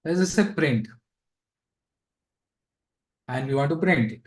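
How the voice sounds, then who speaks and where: Man, coding instructor, fairly high voice, unhurried, chatty with asides. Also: animated, low-quality recording. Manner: casual, thinks aloud with fillers and asides. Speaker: programming instructor. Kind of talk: live coding lesson.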